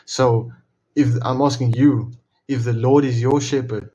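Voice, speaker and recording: A man's voice: mid-range voice, steady tone, mellow, low-quality recording. A man hosting a casual devotional Bible talk, earnest, often repeating and restarting his phrases. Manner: earnest, repeats and restarts phrases, slows to read verses aloud. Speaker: Bible reading video host.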